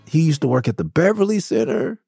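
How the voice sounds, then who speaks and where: A man hosting a podcast in Los Angeles tells loose, profane stories about starting out in music and keeps correcting himself. His voice is high and gravelly, with lively intonation and a slightly fast pace.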